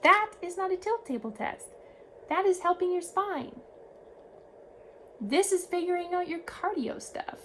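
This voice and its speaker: A woman vlogging, casually telling a story to the camera in an animated way, shifting her tone as she retells events. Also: very high-pitched, measured pace, pauses often, a little hiss or hum, poor audio.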